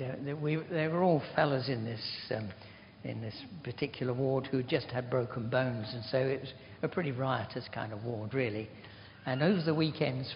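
A man's voice: mid-range voice, vocal fry, a little hiss or hum. Older man preaching in a hall. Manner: rambling, chatty, self-deprecating. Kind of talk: informal sermon with anecdotes. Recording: dull recording in a reverberant hall.

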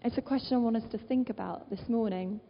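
A woman's voice: a little high, fast. A woman preaching a sermon, earnest and fond of rhetorical questions, quoting scripture aloud. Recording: dull, muffled sound with long reverb of a large hall.

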